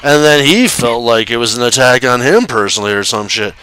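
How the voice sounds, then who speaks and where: A man's voice: medium pitch, fairly quick, bright, forceful tone, clear, resonant tone, no echo. A man giving rambling, profane commentary while he plays a survival game, laughing often. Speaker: streamer playing a survival game. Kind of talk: casual gameplay commentary.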